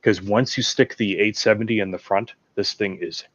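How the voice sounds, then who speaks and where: A man's voice: fairly low pitch, steady tone, moderate pace, a bit bright. A man talking as a guest in a casual film chat, enthusiastic and digressive, eager to share trivia and props he has built. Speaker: podcast guest and prop builder. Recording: dull lo-fi sound.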